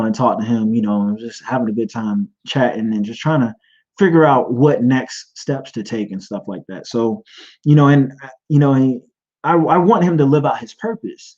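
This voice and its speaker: A man's voice: mid-range voice, warm tone. A man hosting a podcast and sharing a personal testimony, earnest and rambling, often restarting his sentences. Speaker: podcast host. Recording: dull lo-fi sound.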